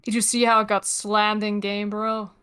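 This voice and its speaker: A woman's voice: medium pitch, flat delivery, normal speed, pushed and bright, clear, resonant tone, lightly acted. A woman reading as a cocky, sardonic teen boy.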